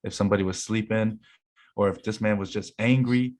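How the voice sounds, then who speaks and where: A young man co-hosting casually, telling animated stories and laughing often. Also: on the low side, fairly quick. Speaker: co-host reading confessions. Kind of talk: casual chat.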